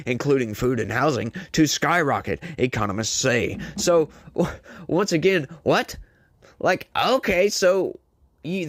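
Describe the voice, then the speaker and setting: A man's voice: mid-range voice, no room sound. Man, show host, political commentary, exasperated, sarcastic, addresses viewers, dry close sound. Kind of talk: political commentary reacting to a news article.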